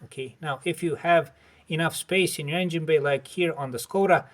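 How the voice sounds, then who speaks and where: A man with a fairly high voice presents a car repair lesson at a moderate pace, taking viewers step by step through warning signs. He often checks in with "okay?" and calls his audience "dear viewers." The sound is roomy, fitting an instructional explainer.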